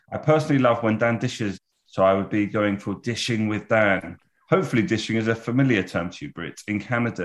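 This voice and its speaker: A man hosting a podcast over a video call, chatting in a friendly, teasing way and reading out listener emails. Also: lowish voice. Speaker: podcast host.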